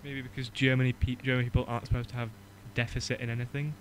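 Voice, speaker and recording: An Englishman, chatting on a podcast and laughing often between quick joking asides. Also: mid-range voice, little pitch movement, fairly bright tone, low-quality recording. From England. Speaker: podcast co-host. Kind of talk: casual chat.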